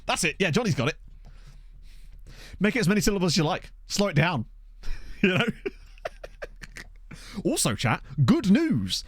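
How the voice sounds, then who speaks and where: A man's voice: sits high, very animated, measured pace, long pauses, no room sound. A man chatting casually with his live-stream viewers and answering their messages in a playful, talkative way. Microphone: desk condenser mic.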